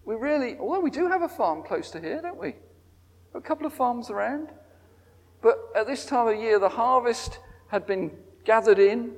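A man with a high voice talks casually to a congregation at a harvest service. He keeps asking them questions. His voice carries with the long reverb of a large church hall. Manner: chatty, asks the congregation questions. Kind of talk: interactive talk to a congregation.

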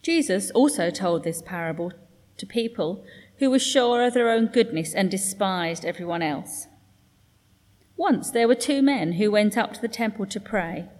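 A woman reads scripture aloud in a measured, formal way, with a mid-range voice. Her reading echoes through a church with long reverb. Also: medium pitch, animated, a little mellow. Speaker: scripture reader.

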